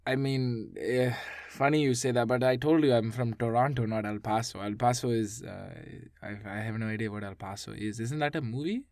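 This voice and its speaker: A man voicing a confused, flustered interview guest from Toronto who speaks with a put-on strong accent, halting and repeating himself. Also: mid-range voice, a bit bright, dry recording, studio quality, close to an everyday voice. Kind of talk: improvised comedy interview sketch.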